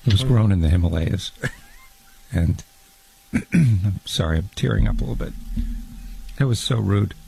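Guy doing a fussy fondue dude, low gravelly husky voice, stammers, super earnest and touchy. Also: expressive, normal speed, long pauses, warm tone, a little hiss or hum. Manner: prissy, earnest, easily wounded, stammering. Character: fussy, fragile adult man called Fondue Guy. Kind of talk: improvised comedy sketch.

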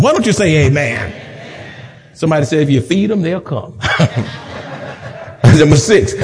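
In a church sanctuary, a male pastor delivers a sermon, piling up emphatic repetitions and tossing in humorous asides. His voice sits fairly high with a darkish tone, and his rhythmic repetition climbs to emphatic peaks.

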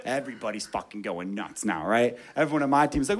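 A man doing stand-up comedy, telling a story with loud, animated delivery and shouted character voices. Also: medium pitch, fast talker, hardly any pauses, a crowd in the background, background noise.

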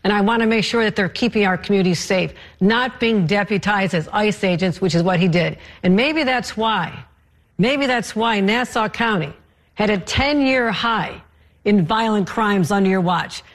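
A woman's voice: mid-range voice, moderate pace. A woman arguing as a candidate in a political debate, firm and emphatic, repeating phrases for stress. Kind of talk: debate argument.

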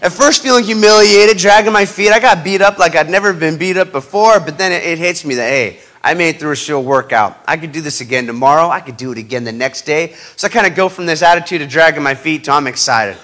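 A man telling a personal story as a motivational speaker, animated and dramatic, building up the tension. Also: on the high side, quick pace, hardly any pauses.

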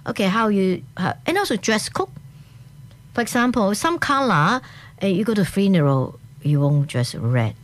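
A woman with a Hong Kong accent talks as a guest in a relaxed interview. Her English comes in short, lively bursts, full of restarts and sudden rises in her voice. Her pitch sits in an ordinary middle range. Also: moderate pace. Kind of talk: casual interview chat.

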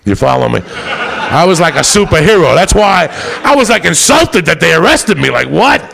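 Gravelly, profane stand-up comedian man. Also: fairly high pitch, very animated, normal speed, background noise. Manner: profane, rowdy and boisterous. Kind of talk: stand-up storytelling.

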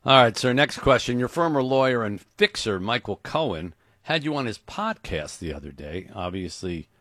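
A man hosting a comedy interview, asking brisk mock-serious questions. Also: medium pitch, lively intonation, a bit bright, no room sound, studio quality. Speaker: radio host.

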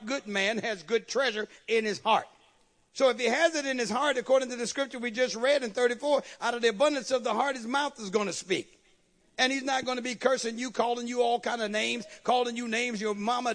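A man's voice: very high voice, fairly bright tone. A man preaching a sermon as pastor, calling out to the congregation and repeating key phrases.

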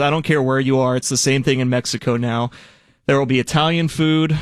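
A man's voice: medium pitch, no room sound, studio quality. A man co-hosting a sports radio show, telling a rambling story in casual on-air chat with small laughs. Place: radio studio.

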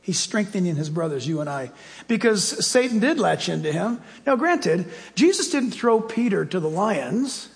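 A man, a pastor, preaching a sermon with animated storytelling and acted-out dialogue. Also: sits high, moderate pace, gravelly, in a large hall.

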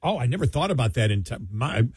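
A man's voice: medium pitch, very animated, fast, breathy edge, no room sound. A man chatting casually as a show's co-host, telling long rambling stories and laughing often. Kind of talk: casual chat.

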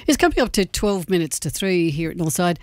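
Chatty radio hostess. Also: female voice, lowish voice, very animated, fairly quick, a little mellow, no room sound, studio quality. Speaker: radio host. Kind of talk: casual radio chat. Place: radio studio.

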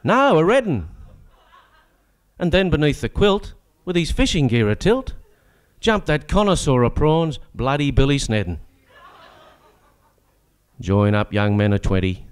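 Smooth-voiced Australian man reciting comic verse. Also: medium pitch. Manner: rollicking, rhythmic rhyming delivery. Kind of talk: comic bush-ballad recitation.

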